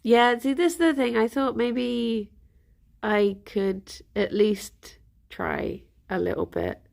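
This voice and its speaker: A woman's voice: a little high, lively intonation, slow, gravelly, a little mellow. A young woman chatting casually with her stream viewers, rambling and giggly, sounding a little bunged up. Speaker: livestream host.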